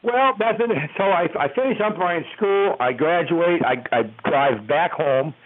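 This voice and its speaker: A man's voice: a little high, measured pace, dry recording. Older man telling stories over a phone line. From United States. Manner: rambling, animated retelling with restarts. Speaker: retired baseball umpire, interview guest. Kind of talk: storytelling in an interview. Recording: tinny phone-line audio.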